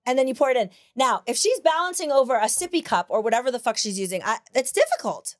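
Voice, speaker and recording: A woman's voice: high-pitched, expressive, fast, dry recording, studio quality. A woman hosting a casual podcast chat, blunt and profane, laughing often. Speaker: podcast host.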